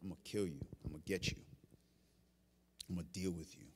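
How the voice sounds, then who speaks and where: A man voicing a vengeful queen who makes a low, hushed threat. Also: fairly even intonation, fast, slight background noise, natural voice. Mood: menacing.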